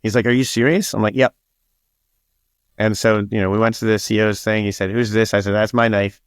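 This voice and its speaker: A man's voice: fairly low pitch, flat delivery, a little fast, smooth, dry recording, studio quality. A man being interviewed as an author, telling stories casually, swearing freely and acting out what others said. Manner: swears freely and acts out quoted dialogue.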